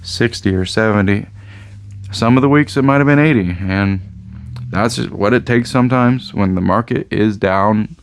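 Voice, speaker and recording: Low, smooth-voiced rambling man. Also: normal speed. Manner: rambling, often trails off with "I don't know". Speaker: game store owner. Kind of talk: casual rambling video monologue.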